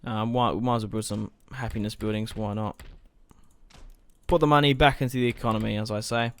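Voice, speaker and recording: A man's voice: lowish voice, fairly even intonation, fairly quick. A young man giving casual, rambling let's-play commentary as he plays, thinking aloud and swearing now and then. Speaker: gaming let's-play host.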